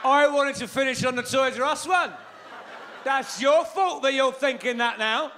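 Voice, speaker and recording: A man's voice: very high voice, moderate pace, bright, forceful tone, slight background noise. A man doing live stand-up comedy on a big concert hall stage, sweary and playful, teasing the crowd.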